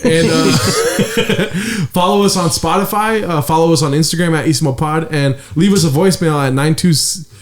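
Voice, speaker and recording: A man's voice: on the high side, moderate pace. A man with a Mexican-American accent hosting a casual podcast, joking, swearing often and reading out show plugs. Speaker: podcast host. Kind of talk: casual chat.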